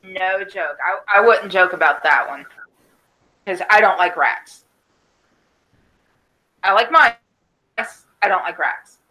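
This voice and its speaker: Bright-voiced teasing woman. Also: lowish voice, slow pace, long pauses, low-quality recording. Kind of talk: casual chat.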